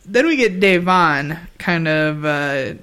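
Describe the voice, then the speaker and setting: A man co-hosting a podcast, recapping episodes in casual chat, animated, with frequent fillers and laughs. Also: a little high, takes it slowly, clear, resonant tone. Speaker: podcast co-host.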